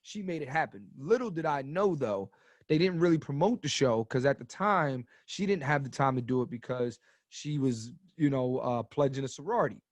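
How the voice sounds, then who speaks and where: Animated thirty-something man telling stories. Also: mid-range voice, normal speed, no room sound. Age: 30s. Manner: animated, swears freely, gets loud telling stories. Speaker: comedian guest. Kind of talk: casual podcast storytelling.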